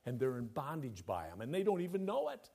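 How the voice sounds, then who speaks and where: A man preaching a sermon as pastor, his delivery emphatic, moving between loud declaration and hushed, intimate asides. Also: medium pitch, wildly swooping pitch, a little fast, gravelly, slightly rough.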